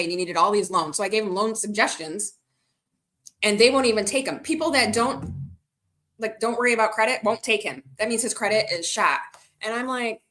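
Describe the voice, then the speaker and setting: Talking to her live-stream audience, a woman rambles through stories and responses to comments. Her medium-pitched voice comes across bright and forceful.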